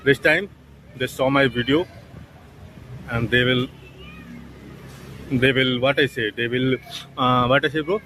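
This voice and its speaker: A young man with an Indian accent talking casually to camera, speaking in halting English and often correcting himself. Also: medium pitch, pushed and bright, a little hiss or hum, low-quality recording. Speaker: vlogger. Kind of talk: casual vlog talk to camera.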